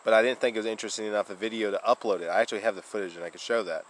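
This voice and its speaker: Rambling low-voiced man telling a story. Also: very fast, a little hiss or hum, rough recording. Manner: rambling, laughing, frequent fillers and restarts. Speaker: vlogger. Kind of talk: casual storytelling to camera.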